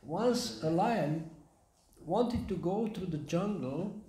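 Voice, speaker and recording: Male spiritual teacher, high-ish voice, relaxed halting delivery, recorded in a reverberant temple hall. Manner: unhurried, pauses to search for words. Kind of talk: scripture class talk with storytelling.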